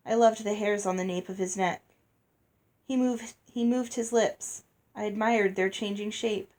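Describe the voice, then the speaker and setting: A woman reading a chapter of a novel aloud in a steady, measured storybook manner. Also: medium pitch. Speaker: reader.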